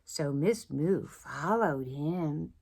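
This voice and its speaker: A woman preschool teacher reading a picture book aloud to children, expressive and often dropping to a whisper. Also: low voice, very slow, vocal fry, husky.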